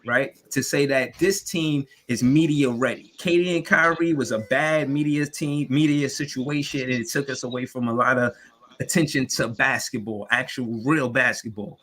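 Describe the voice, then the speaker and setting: A man's voice: medium pitch, normal speed, a bit bright. Rambling New man hosting a podcast. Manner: rambling, heavy on filler phrases. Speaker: podcast host. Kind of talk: casual sports podcast talk.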